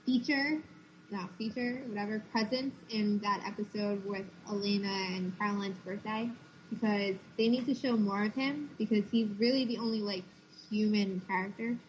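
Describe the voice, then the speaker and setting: A woman's voice: mid-range voice, steady tone, moderate pace. A young woman hosting a fan podcast in casual chat, easygoing, reading out questions and answering them. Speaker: podcast host. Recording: dull lo-fi audio with faint noise.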